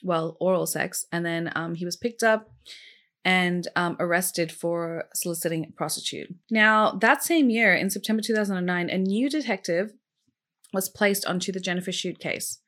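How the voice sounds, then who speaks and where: Her voice is fairly low and fairly bright, moving at a moderate pace. As a true crime podcast host, she recounts the case in a chatty, casual way, leaning on fillers like "like" and "um" and putting questions straight to her listeners.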